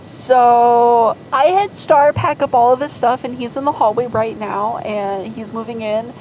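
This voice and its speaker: A high, sugary young daughter, all saccharine sing-song pleading while she schemes, as a woman storyteller puts her on. Every line is coated in sweetness meant to get her way, over a steady hum of background noise. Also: unhurried, close to an everyday voice, low-quality recording. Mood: sweetly pleading.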